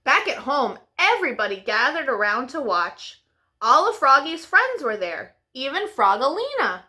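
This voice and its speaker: A woman storyteller reading a picture book aloud for children in a slow, expressive way. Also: high-pitched.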